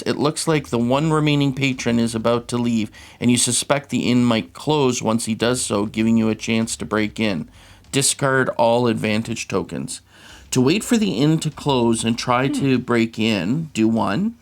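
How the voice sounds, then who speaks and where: A man's voice: medium pitch, measured pace. A man hosting a tabletop game, reading the scenario aloud and explaining rules patiently.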